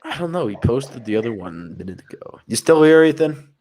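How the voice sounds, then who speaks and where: A man's voice: medium pitch, very animated, brisk, darkish tone, a little hiss or hum. A young man co-hosting a podcast, telling rambling stories to a live chat, swearing and packing his talk with fillers. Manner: rambling, profane, lots of "like" fillers. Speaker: podcast co-host. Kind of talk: casual storytelling to a live chat.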